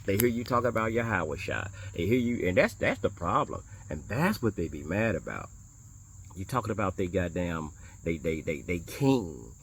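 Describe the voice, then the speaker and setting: A minister talking casually to viewers about his beliefs, animated and blunt, repeating phrases for emphasis and throwing in curses and rhetorical challenges. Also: low voice, normal speed, slight background noise. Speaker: minister of a small congregation. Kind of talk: casual religious talk to viewers.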